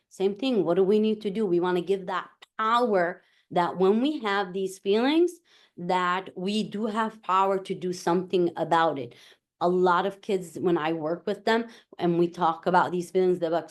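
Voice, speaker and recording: A woman presenting a parent workshop, talking in a relaxed way, repeating her points and often checking in with "right?". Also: mid-range voice, moderate pace. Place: library meeting room.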